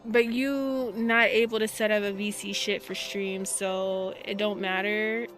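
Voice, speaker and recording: A woman streaming a game, chatting casually and jokingly, swearing freely and swinging between quiet asides and loud outbursts. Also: mid-range voice, little pitch movement, a little slow, soft background music. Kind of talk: casual live-stream chat while playing.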